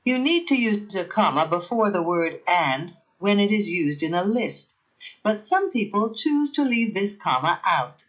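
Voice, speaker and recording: Slow, careful lesson narrator. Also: medium pitch, sing-song, fairly bright tone, muffled recording. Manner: slow, careful, evenly paced explanation. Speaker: teacher. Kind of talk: scripted instructional narration.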